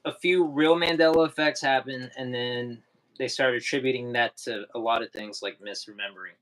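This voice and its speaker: A man's voice: mid-range voice, steady tone, moderate pace, a bit bright. A man co-hosting a podcast, chatting casually in a thoughtful, slightly hesitant way. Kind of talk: casual chat.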